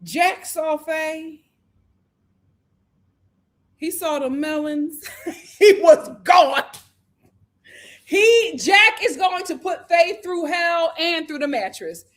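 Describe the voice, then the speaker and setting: A woman's voice: extremely high pitch, animated, takes it slowly, pauses often, fairly bright tone. A woman hosting a casual live review of a reality dating show, chatty and opinionated, acting out what the cast said. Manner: chatty, opinionated, acts out cast members' lines.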